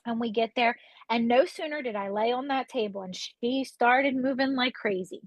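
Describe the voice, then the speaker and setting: A woman's voice: on the high side, moderate pace, no room sound, low-quality recording. A woman in her thirties telling a personal story on a podcast, emotional and acting out the voices of the people she quotes. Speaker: podcast guest. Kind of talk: casual interview storytelling.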